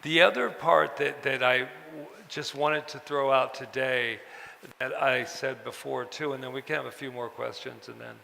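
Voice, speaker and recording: A man telling personal stories to an audience at a book event, halting and repeating words, acting out the voices of people he quotes. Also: mid-range voice, fairly even intonation, creaky, sharp tone, slight background noise. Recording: long hall reverb.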